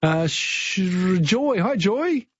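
A man's voice: high-pitched, big pitch swings, drawn-out words, no echo, muffled recording. A man hosting a radio talkback quiz, chatty and encouraging, giving callers hints.

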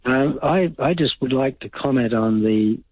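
A man's voice: mid-range voice, unhurried, dry recording. An older man calling in to a radio show, giving blunt, rambling opinions. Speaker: caller. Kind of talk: casual talkback call. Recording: dry phone-line sound.

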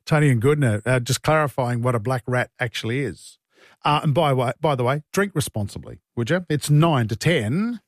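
A man's voice: mid-range voice, expressive, moderate pace, no room sound, studio quality. A man with an Australian accent hosting morning talkback radio, chatty and jovial, laughing easily. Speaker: radio host. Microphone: studio mic.

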